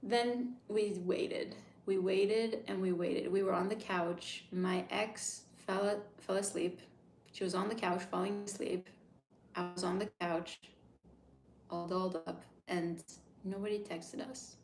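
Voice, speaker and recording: A woman in her thirties chatting casually on a livestream, reading comments and swearing freely, with hushed asides. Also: mid-range voice, fairly even intonation, measured pace, a little hiss or hum. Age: 30s. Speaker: livestream host. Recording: echoey room sound.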